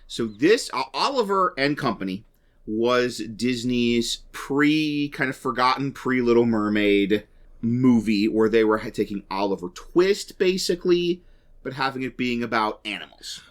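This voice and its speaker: A man co-hosts a relaxed podcast conversation in an ordinary mid-range voice. He talks in an animated, chatty way and laughs along easily. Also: medium pitch, a little slow. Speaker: podcast co-host. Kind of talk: casual podcast chat.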